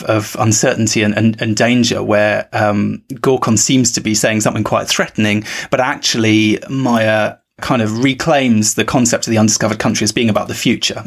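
A man's voice: on the low side, creaky. A man with a British accent hosting a podcast, talking things through thoughtfully with frequent fillers. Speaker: podcast host. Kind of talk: casual podcast discussion.

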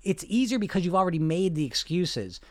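A man's voice: sits high, big pitch swings, a little fast. A man talking as a weight loss coach in a casual way, blunt and full of rhetorical questions, often laughing. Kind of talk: casual coaching talk to viewers.

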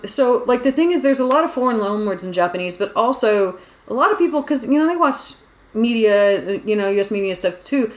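A woman's voice: a little high, expressive, fairly quick. A woman hosting a casual podcast chat, telling rambling stories with lots of "like"s and restarts. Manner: rambling, chatty storyteller with frequent "like"s. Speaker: podcast host. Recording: roomy echo.

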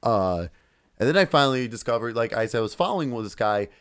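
A man's voice: mid-range voice, very animated, fast, clean tone. Rambling, swearing podcast man. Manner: rambling, swears freely, acts out his own reactions. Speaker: podcast co-host. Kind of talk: casual chat.

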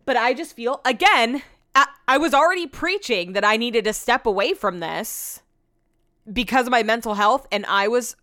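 A young woman hosting a podcast, telling a long personal story in casual, animated chat full of "like" fillers. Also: fairly high pitch, moderate pace, no echo, studio quality. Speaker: podcast host.

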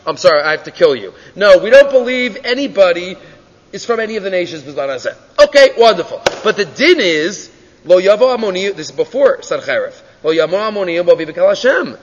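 A man with a high voice delivers a lively Torah class, telling the story and firing questions at his listeners before he answers them. He drops Hebrew and Yiddish terms into his English. The sound is a little dull, with a long echo as if from a hall. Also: brisk. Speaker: Torah teacher. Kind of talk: animated Torah class lecture.

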